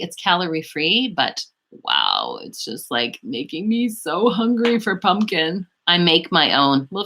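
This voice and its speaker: Lady chatting on her beauty stream, low voice with a crisp bright edge, talks back to the chat. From Canada. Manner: chatty, rambling, reads out and answers viewers' chat messages. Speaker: beauty vlogger hosting a live stream. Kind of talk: casual live-stream chat.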